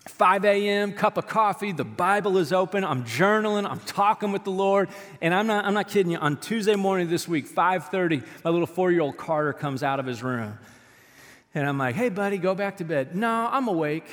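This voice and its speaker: A man in his thirties preaching a sermon as a pastor, telling animated, humorous stories from the stage of a church. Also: high-pitched, a little fast. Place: church sanctuary. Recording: long church-hall reverb.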